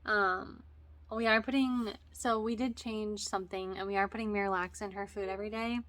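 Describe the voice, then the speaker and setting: A woman's voice: mid-range voice, steady tone, moderate pace, fairly bright tone. A young woman chatting casually as a vlogger about caring for her baby, rambling with many fillers and self-corrections. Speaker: vlogger and mother. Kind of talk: casual chat.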